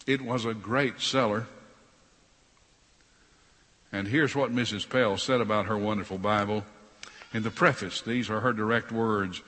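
A man preaching a sermon, swinging between loud emphasis and quiet sarcastic asides. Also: fairly low pitch, a little slow, long pauses. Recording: long hall reverb.

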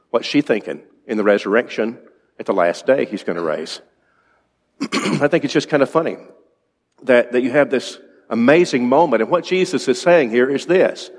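A man's voice: medium pitch, expressive, moderate pace. A male preacher giving an evening sermon in a conversational way, asking his congregation questions. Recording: long reverb in a large hall.

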